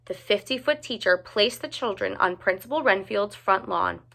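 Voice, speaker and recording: Animated woman reading a storybook. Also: medium pitch, normal speed, gravelly. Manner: expressive, animated narration. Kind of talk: reading a picture book aloud.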